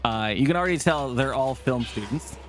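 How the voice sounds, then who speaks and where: A man's voice: mid-range voice, animated, fairly quick. Profane rambling male streamer. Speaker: streamer host. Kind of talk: casual gameplay chat. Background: game music.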